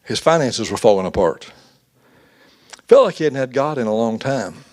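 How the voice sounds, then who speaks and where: A man's voice: mid-range voice, expressive, moderate pace, darkish tone. A man giving a folksy, conversational youth sermon, acting out quotes as he goes. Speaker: youth pastor.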